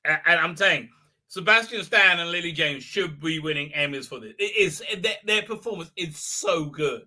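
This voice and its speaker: A man's voice: on the high side, normal speed, pushed and bright. A middle-aged man hosting a casual livestream, rambling with many fillers and restarts. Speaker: livestream host.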